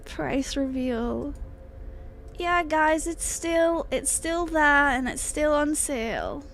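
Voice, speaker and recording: A woman's voice: high-pitched, lively intonation, takes it slowly, a bit bright, slight background noise. A young woman streaming, chatting casually with viewers in a joking, mock-dramatic way, laughing often and swearing now and then. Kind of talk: casual live-stream chat.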